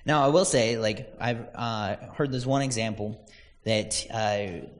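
A man's voice: fairly low pitch, measured pace, in a large hall. A man preaching a casual, conversational sermon, telling stories and acting out quoted voices.

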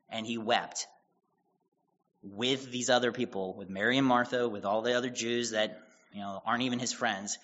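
Male pastor, bright forceful voice, chatty Bible teaching with quoted dialogue, slightly muffled lo-fi recording. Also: medium pitch. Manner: conversational, retells scripture with quoted dialogue and asides.

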